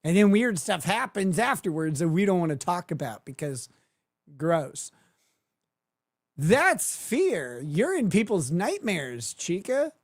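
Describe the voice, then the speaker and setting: Slow, sarcastic male stream host. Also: sits high, big pitch swings, dry recording, clean studio sound. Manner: sarcastic, crude, laughs at his own jokes. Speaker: livestream host. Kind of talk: mocking livestream commentary.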